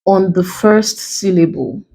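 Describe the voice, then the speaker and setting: A woman with a Nigerian English accent tutoring an exam-prep lesson, slow and deliberate, repeating key points as she writes on a board. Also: medium pitch, dark tone, rough recording.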